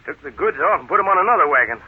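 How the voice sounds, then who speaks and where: An actor playing a shifty western freight wagon driver with a folksy drawl and rural grammar, in 1940s radio acting. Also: male voice, a little high, animated, racing, husky. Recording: tinny, hissy old radio broadcast.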